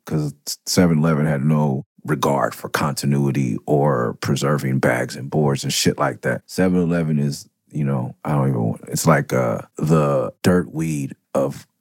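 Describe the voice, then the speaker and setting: A man's voice: a bass voice, normal speed, creaky, few pauses, a little mellow, no echo, studio quality. A man hosting a podcast, telling casual, rambling stories with plenty of swearing and side remarks. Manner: loose, profane, rambling with asides. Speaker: podcast host. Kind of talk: casual storytelling.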